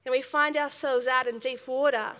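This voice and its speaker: A young woman giving a sermon, telling a story in a lively way with laughs and acted quotes. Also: high voice, normal speed, big-room sound. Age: young adult. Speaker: speaker at a church service.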